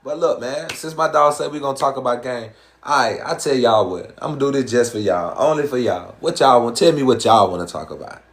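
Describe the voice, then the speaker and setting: A man's voice: medium pitch, lively intonation, a little fast. A man with a Southern American accent, hosting a live stream in casual chat and talking in slangy, profane, rhyming streetwise patter. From Southern US, Georgia.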